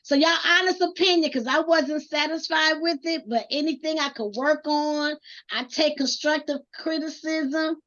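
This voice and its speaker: A high-pitched woman talks in a casual group chat on a dull, lo-fi recording. She sounds earnest, often stops to correct herself, and asks the others for honest feedback. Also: normal speed, fairly bright tone. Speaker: co-host. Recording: dull lo-fi audio.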